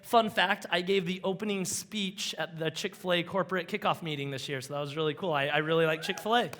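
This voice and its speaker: A man giving an energetic conference talk, telling an enthusiastic, rambling story that keeps drifting off on side tracks. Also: sits high, brisk. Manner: rambling, easily sidetracked, enthusiastic. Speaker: conference speaker.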